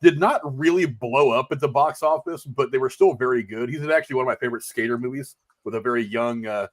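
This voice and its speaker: A man hosting a casual movie review chat, enthusiastic and handing the turn to the others. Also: medium pitch. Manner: quick, enthusiastic, hands turns to guests. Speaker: podcast host.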